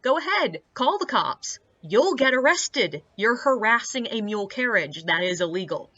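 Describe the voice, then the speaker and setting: A woman voicing a calm, unbothered woman carriage driver who answers in a flat, matter-of-fact way. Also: fairly high pitch, moderate pace, lo-fi sound, full character voice. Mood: calmly defiant.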